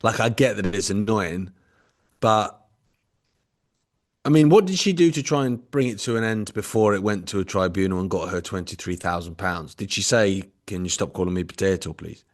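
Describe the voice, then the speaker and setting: A man's voice: lowish voice, moderate pace. Sweary, sarcastic British man. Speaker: podcast co-host. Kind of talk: casual chat.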